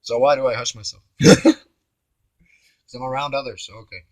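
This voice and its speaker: A man rambling through a spiritual self-reflection, musing aloud, with his voice shifting between loud and hushed. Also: mid-range voice, steady tone, moderate pace, no room sound. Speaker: vlogger. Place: home on Maui.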